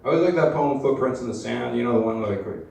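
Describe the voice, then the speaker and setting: A young man performing amateur stand-up in a comedy club, deadpan and hesitant, full of uhs and likes. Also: medium pitch, fast talker, gravelly. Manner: hesitant, deadpan, filler-heavy. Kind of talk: stand-up routine. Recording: echoey live club, mic at distance, room noise.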